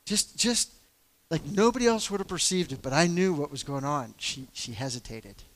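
Candid storytelling man, slightly high voice. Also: animated, normal speed, fairly bright tone, no echo. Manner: candid, self-deprecating storytelling with many fillers. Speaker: church elder. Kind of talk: casual talk on faith.

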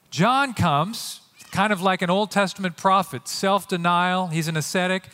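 A man preaching a sermon as pastor, earnest and animated, often acting out quotes. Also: high-pitched, a little slow, long reverb tail. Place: church sanctuary.

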